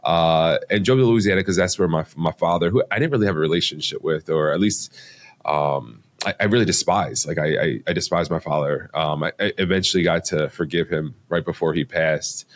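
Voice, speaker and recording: Guest voice: middle-aged man, deep-pitched, loose storytelling full of fillers and restarts. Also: brisk. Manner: rambling, many restarts and fillers. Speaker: podcast guest. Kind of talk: casual storytelling interview.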